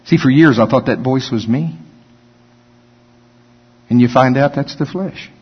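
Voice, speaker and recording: A man's voice: medium pitch, unhurried, husky. A man preaching a conversational sermon, joking and acting out whiny voices. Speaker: pastor. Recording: dull sound with long hall reverb.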